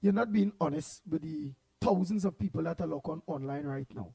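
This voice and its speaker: A Trinidadian man hosting a morning call-in radio show, loud and passionate as he greets listeners one by one by name. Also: high voice, big pitch swings, brisk, gravelly, dry recording.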